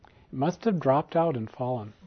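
A man voicing a kindly old hermit sage who speaks gently and unhurriedly, and firmly when he gives orders, in a storybook tale. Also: mid-range voice, expressive, normal speed, slightly rough, pitched below the performer's own voice. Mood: calm, gentle. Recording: dull lo-fi recording.

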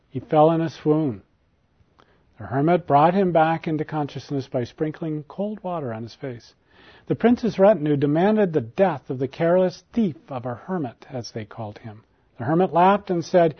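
A man narrating a formal storybook tale in a measured way. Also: fairly high pitch. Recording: dull lo-fi recording.

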